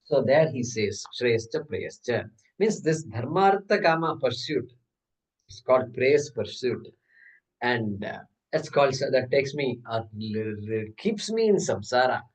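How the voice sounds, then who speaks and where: A man's voice: medium pitch, very animated, unhurried. Man teaching scripture, from a distance. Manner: explains step by step, with rhetorical questions; chants Sanskrit terms and verses. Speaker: Vedanta teacher. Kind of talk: scriptural class lecture. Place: class hall.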